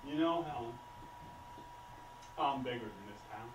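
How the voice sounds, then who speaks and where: An actor playing a dramatic, self-pitying small-town theatre director, in an amateur stage play. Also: male voice, medium pitch, expressive, unhurried, lightly acted. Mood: indignant. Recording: echoey stage, heard from far off, noisy.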